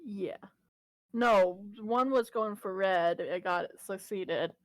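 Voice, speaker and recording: A woman playing in a tabletop game, brisk and playful with quick reactions. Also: mid-range voice, no echo, rough recording. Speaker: player. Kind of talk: casual tabletop play.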